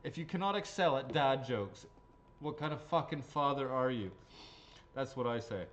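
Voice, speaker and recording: A man hosts raffle draws on a live stream in a loose, chatty way. He cracks jokes and swears freely as he goes, and his voice sits at a middling pitch. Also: expressive, normal speed, lo-fi sound. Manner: casual, jokey, swears freely. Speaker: raffle host.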